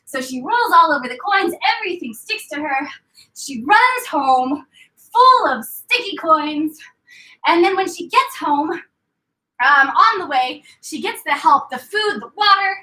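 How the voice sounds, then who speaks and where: A woman's voice: sits high, lively intonation, unhurried, sharp tone, distant mic. A woman fitness instructor leading a class, telling a playful story and mixing it with exercise cues. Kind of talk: story-based workout class cueing. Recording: echoey room, voice from afar.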